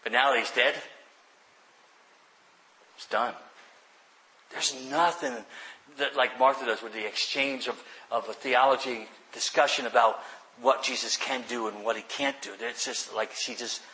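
A man preaching a sermon, explaining scripture earnestly, often restarting phrases and sinking to quiet emphasis. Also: mid-range voice, animated, normal speed, gravelly, poor audio. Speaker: pastor.

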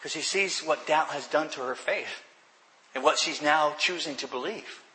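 A man preaching a sermon, explaining scripture earnestly, often restarting phrases and sinking to quiet emphasis. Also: a little high, moderate pace, a little hiss or hum, low-quality recording. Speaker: pastor.

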